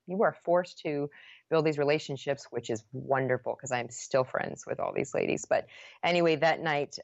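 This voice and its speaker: A woman's voice: sits low, creaky, no room sound, muffled recording. A woman guest on a podcast, earnestly retelling a painful personal story with many restarts.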